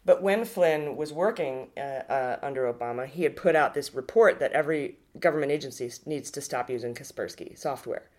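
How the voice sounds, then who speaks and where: Casting note: low-pitched woman co-host, animated casual political chat. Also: brisk, hardly any pauses. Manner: animated, restarts and swears freely. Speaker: podcast co-host.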